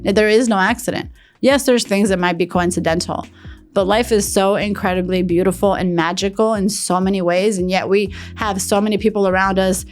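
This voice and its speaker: Middle-aged woman host, earnest and preachy motivational talk, faint music underneath. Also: mid-range voice. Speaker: podcast host.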